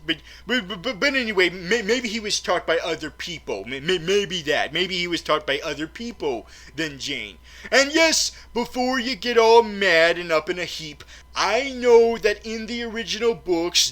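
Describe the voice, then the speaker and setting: A man's voice: high voice, sharp tone. A man talking casually as a film reviewer, chatty and full of stumbling restarts. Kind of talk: casual movie review chat.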